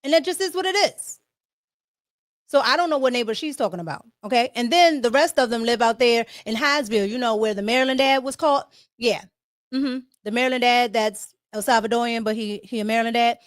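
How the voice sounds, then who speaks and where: A woman from Washington, D.C. hosts a livestream with casual political commentary, speaking a little high and briskly. She's chatty, checks in with viewers as she goes, and keeps repeating "okay?" to them. The recording is dry and studio quality.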